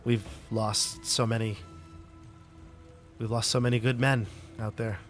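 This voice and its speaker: Nervous halting innkeeper dude, dm voicing him, quiet and careful. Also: male voice, on the low side, flat delivery, soft background music, close to an everyday voice. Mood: worried. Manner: hesitant, halting speech.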